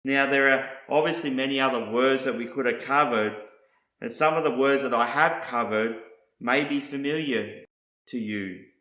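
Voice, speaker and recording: A man teaching Bible word meanings in a deliberate, scripted way, setting out one meaning after another. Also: medium pitch, pushed and bright, reverberant.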